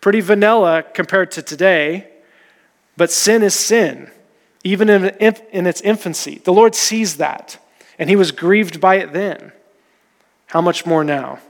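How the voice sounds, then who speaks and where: A man with a high voice preaches a sermon, earnestly telling a story and slipping into the words of its people. His voice rings out with a long reverb, as in a large hall. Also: measured pace, creaky. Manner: earnest storytelling, quoting figures in passing.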